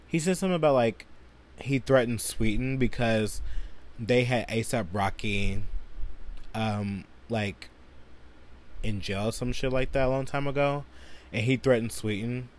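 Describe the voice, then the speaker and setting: A man hosting a solo podcast, ranting angrily and profanely with lots of filler words. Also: mid-range voice. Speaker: podcast host.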